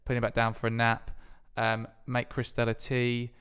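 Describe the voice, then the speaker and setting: A man's voice: mid-range voice, completely flat delivery, moderate pace, fairly bright tone, smooth. A young man co-hosting a podcast, chatting casually with a teasing, sarcastic edge. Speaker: podcast co-host. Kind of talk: casual chat.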